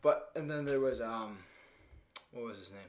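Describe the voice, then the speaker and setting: A man's voice: mid-range voice, normal speed, a little hiss or hum. A man giving a casual, rambling movie review, often stopping to search for words and laughing as he goes. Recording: roomy echo.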